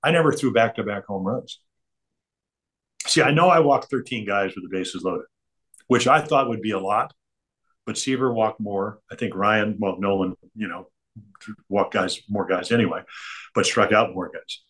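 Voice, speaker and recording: A man's voice: fairly low pitch, normal speed, pauses often, fairly bright tone. An older man, a guest on an interview, telling chatty, digressive stories and chuckling between them. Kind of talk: rambling anecdotal storytelling.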